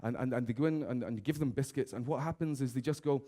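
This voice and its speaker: A man giving a comic conference keynote, lively, slipping into raised voices to mimic office characters. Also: mid-range voice, fast talker, few pauses. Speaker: conference speaker. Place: conference stage.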